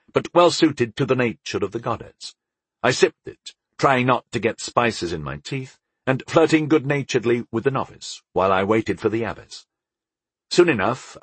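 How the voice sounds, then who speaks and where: A man telling a first-person fantasy story in a wry, measured manner. His husky voice moves with lively swings of pitch. The recording is dry, with no room sound. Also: dry recording. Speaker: audiobook narrator.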